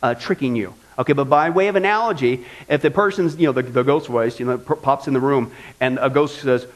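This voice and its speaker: A man's voice: medium pitch, fairly quick, hardly any pauses. A male pastor preaching a sermon in a folksy style, driving points home with repetition.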